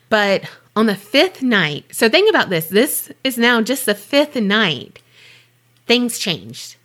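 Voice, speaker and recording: A woman's voice: fairly high pitch, very animated, slow, a bit bright. A woman co-hosting a podcast, telling a true-crime story in a loose, chatty way with offhand swearing. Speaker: podcast co-host.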